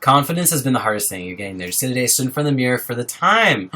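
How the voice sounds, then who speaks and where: A man's voice: mid-range voice, sing-song, rapid-fire, few pauses, pushed and bright. A young man hosting a casual livestream, talking earnestly and supportively to his viewers and reading out their names. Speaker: livestream host. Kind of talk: casual live-stream chat with viewers.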